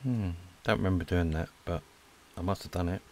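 A man rambling casually to viewers as he draws, relaxed and a little breathless. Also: low voice, fairly quick, slight background noise. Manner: relaxed, rambling, talks to viewers while drawing. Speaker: art channel host. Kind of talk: casual chat while drawing. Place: lives in Spain.

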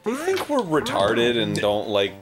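A man riffs casually on a gaming show, with a pitch that swings enormously. His dry asides turn into squeaky shouted gags. Game music runs clearly behind him. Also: wildly swooping pitch, measured pace. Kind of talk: casual banter over gameplay.

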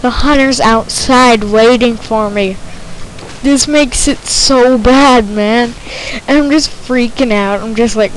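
A woman narrating her own gameplay in a let's play commentary, jittery and excitable, repeating herself when tense. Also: on the high side, measured pace, a little hiss or hum, rough recording.

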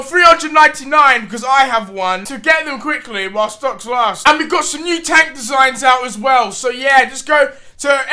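A young man hosting a reaction video, excitable and loud, with shouted outbursts and swearing. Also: very high-pitched.

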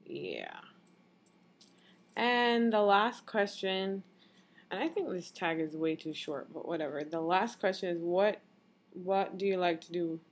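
Girl vlogging, kinda low voice, talks real slow and laid back. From Jamaica. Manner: relaxed and chatty, reading questions aloud with small laughs. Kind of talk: casual video-blog chat.

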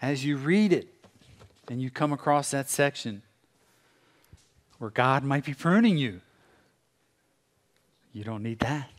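A middle-aged American man preaches a sermon in a church at an unhurried, deliberate pace. His voice sits at an ordinary pitch, with long pauses between phrases. He now and then slips into voices to act out what he is saying. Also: animated. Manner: dramatic pauses, acts out God's voice and a busy morning. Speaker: pastor. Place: church sanctuary.

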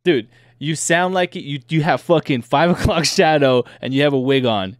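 A man's voice: on the high side, normal speed, no room sound, clean studio sound. A man co-hosting a casual podcast, talking in a loose, slangy way. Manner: slangy, loose, says "bro" and "like" a lot.

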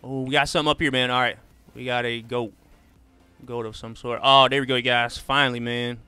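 Bright, crisp-voiced laid-back streamer guy. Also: mid-range voice, flat delivery, a little fast, dry recording, faint music behind. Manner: laid-back, drawls "man" and "bro" often. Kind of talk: casual live gaming commentary, chatting with viewers.

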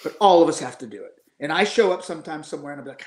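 A man's voice: on the high side, lively intonation, very fast, echoey room. A middle-aged man in casual chat, telling blunt stories, swearing freely and acting out the voices of people he quotes. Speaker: guest musician.

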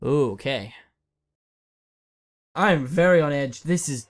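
A man's voice: on the high side, slow pace, pauses often. A man giving nervous, swearing commentary while playing a horror game, often repeating words in panic. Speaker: let's play gamer.

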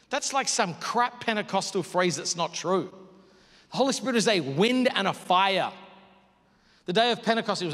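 A man preaching a sermon as pastor, moving between loud bursts and hushed near-whispers. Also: sits high, expressive, normal speed. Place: large church hall. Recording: hall reverb.

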